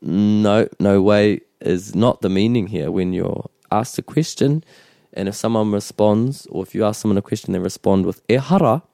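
Man, lowish voice, as a patient language teacher who repeats words slowly. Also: creaky, mellow, dry recording, clean studio sound. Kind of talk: bilingual language lesson chat.

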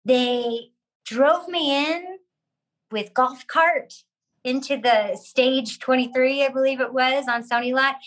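An actress telling a lively story about her career, acting out other people's lines as she goes. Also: high-pitched, takes it slowly, low-quality recording. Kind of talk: animated storytelling with acted quotes.

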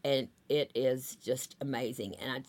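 A woman's voice: a bass voice, moderate pace, a little mellow. A woman, telling rambling anecdotes in a casual interview, full of fillers. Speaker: talent agent, guest.

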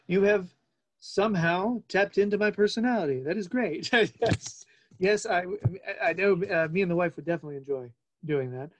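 A man in his forties hosting a casual interview, playful and chatty, with quick asides. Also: high voice, muffled recording, noisy background. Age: 40s. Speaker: podcast host.

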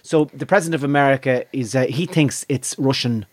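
A man in casual comedic chat, telling sweary jokes and stories with sudden high laughs. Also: brisk, dry recording, studio quality. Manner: animated, sweary storyteller, breaks into high laughs.

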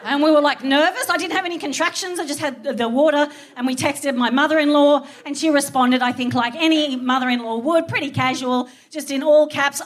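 A woman with an Australian accent telling a comic story on stage, animated and swearing freely as she acts out voices. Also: high-pitched, fairly quick, hardly any pauses, a little hiss or hum. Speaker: comedian. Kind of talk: live stand-up storytelling.

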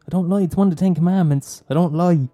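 A man's voice: sits high, quick pace, warm tone, faint music behind. An Irish man hosting a podcast, rambling in a casual monologue, swearing, laughing and teasing his listeners. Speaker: podcast host recommending films.

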